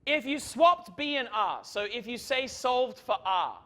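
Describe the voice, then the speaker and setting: Bright high-voiced joking physics lecturer. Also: male voice, very animated, a little slow. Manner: chatty, joking, full of "right?" checks. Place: lecture hall.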